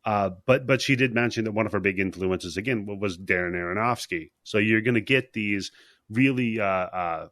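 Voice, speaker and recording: A man's voice: on the low side, normal speed, fairly bright tone, no room sound, studio quality. A man hosting a podcast, telling a movie's story in casual chat and acting out the characters as he goes. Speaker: podcast host.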